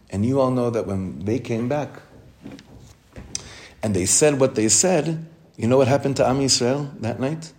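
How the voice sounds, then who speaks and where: A rabbi with a gravelly, darkish mid-range voice and lively intonation teaches women a Torah class at a measured pace. Sincere and emphatic, he repeats key phrases, asks his audience questions before answering them, and sprinkles Hebrew into his English.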